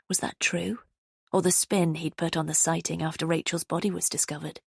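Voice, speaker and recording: A woman narrating a thriller audiobook in the first person, measured and tense. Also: low-pitched, little pitch movement, creaky, husky, no room sound, clean studio sound.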